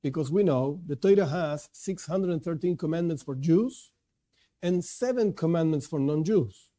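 Male lecturer, religious class, earnest and emphatic, voice pitched somewhat high. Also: expressive, normal speed, dark tone. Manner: earnest, stresses key words, repeats and restarts. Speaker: Torah teacher.

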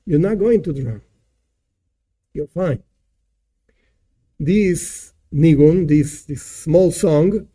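A man teaching a song, translating and explaining it phrase by phrase in a slow, searching way. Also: a little high, mellow.

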